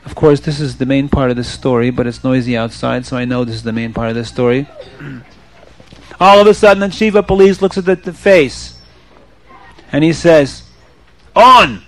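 A man telling a story to children in an animated way, often asking the audience questions. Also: mid-range voice, moderate pace.

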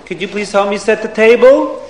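A patient mother speaks softly and coaxingly, as a man voices her in a story. Her voice sits high and the room rings around it. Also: brisk, echoey room, big-room sound, natural voice. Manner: soft, coaxing. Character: patient gentle mother of a family.

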